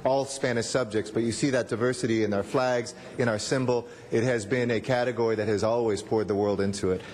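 A man's voice: mid-range voice, steady tone, fairly quick, darkish tone, big-room sound. A man giving upbeat, joking congratulatory remarks at a council meeting, with Spanish phrases mixed in. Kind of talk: public speech at a council meeting. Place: city council chamber.

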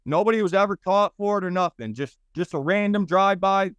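A man in his thirties with a Boston accent, a guest telling his stories in a blunt, rambling and profane way, with halting restarts. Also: high-pitched, a bit bright, clear, resonant tone, dry recording, highs cut off. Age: 30s. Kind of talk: interview storytelling.

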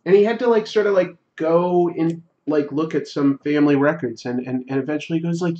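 A man hosting a livestream, telling a story in a rambling, reflective, halting way. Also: on the high side, dark tone, highs cut off. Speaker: livestream host. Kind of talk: casual storytelling while drawing on a livestream.

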